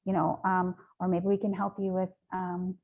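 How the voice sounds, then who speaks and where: A woman's voice: on the low side, completely flat delivery, normal speed, vocal fry, narrow, tinny audio. A woman speaking as an interview guest, earnest and rambling, with frequent ums and likes. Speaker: nonprofit founder, interview guest. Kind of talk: conversational interview.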